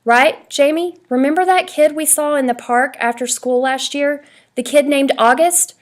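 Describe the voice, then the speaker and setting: A woman's voice: high voice, normal speed, pitched above the performer's own voice, natural voice. A woman reading an exasperated schoolboy. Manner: blunt, exasperated. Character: middle-school boy, blunt and frustrated.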